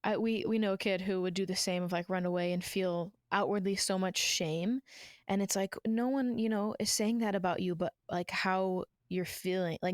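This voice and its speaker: A lower-pitched woman co-host chats warmly through a family anecdote, the way a mother talks. She tells it easily and laughs along as she goes. The recording is close and dry. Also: dry recording. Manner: chatty storyteller, laughs while recounting. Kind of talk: casual conversational chat.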